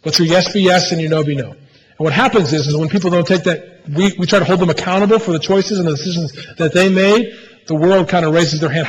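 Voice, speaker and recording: This pastor talks fast in a slightly high voice, giving a conversational sermon in a church sanctuary. He often starts his phrases over and asks "right?" to check in with listeners. The audio carries church hall reverb and some faint room noise.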